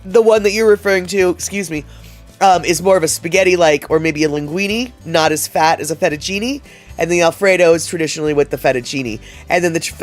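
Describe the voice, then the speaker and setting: Man, livestream host, rambling casual chat, many fillers, slightly raised pitch. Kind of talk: casual chat reading viewer comments.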